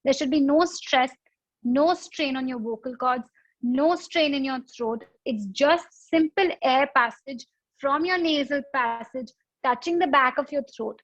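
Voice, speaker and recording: A woman with a high, light voice leads a yoga breathing lesson, patient and explanatory, using simple analogies. The sound is dry and close, with a slightly dull, lo-fi quality from an online session. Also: measured pace, fairly bright tone, no echo. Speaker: yoga instructor. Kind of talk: guided breathing instruction.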